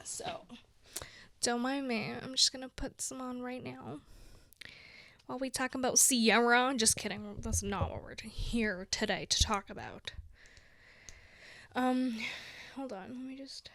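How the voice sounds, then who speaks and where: A woman's voice: fairly high pitch, unhurried, pauses often, fairly bright tone, dry recording, clean studio sound. A young woman from Brazil chatting casually to her viewers, giggly and playful, often dropping into a whisper. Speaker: vlogger. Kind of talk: casual chat to camera.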